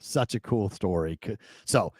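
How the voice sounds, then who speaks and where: A man hosting a sports talk show, telling stories in an animated, excitable way, full of fillers and restarts. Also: lowish voice, unhurried, husky, no echo. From New England. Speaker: sports talk radio host. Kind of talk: casual sports talk storytelling.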